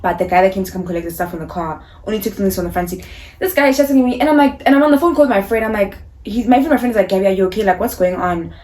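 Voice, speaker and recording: A young woman in her twenties with a South African accent, telling a personal story in a casual, animated, slangy way. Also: mid-range voice, very fast. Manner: animated, acts out dialogue, slangy. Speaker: YouTuber.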